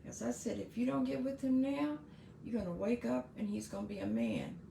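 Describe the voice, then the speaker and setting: A woman's voice: a little high, very animated, brisk, vocal fry, dark tone, a little hiss or hum. Chatty woman in an echoey room. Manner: chatty, earnest, restarts and asides. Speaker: podcast host. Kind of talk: casual advice monologue.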